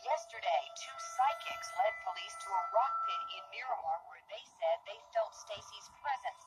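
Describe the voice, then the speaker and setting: A woman playing a TV news reporter, reading a report in a crisp, formal news delivery. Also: medium pitch, animated, normal speed, loud music behind the voice, natural voice.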